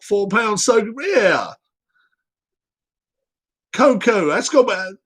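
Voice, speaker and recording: A man's voice: high voice, sing-song, slow. A man hosting a casual livestream, blunt, joking and profane. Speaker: livestream host.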